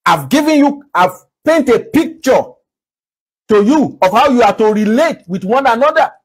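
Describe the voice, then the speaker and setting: A man preaching with a high, husky voice. He talks in an earnest, repetitive sermon style full of rhetorical questions. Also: sing-song, moderate pace. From Nigeria. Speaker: pastor.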